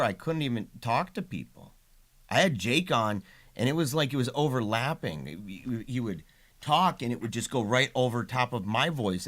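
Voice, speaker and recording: Chatty middle-aged man hosting a livestream, mid-pitched, laughs easily, restarts often. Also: a bit bright. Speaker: livestream host and father. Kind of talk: casual livestream chat.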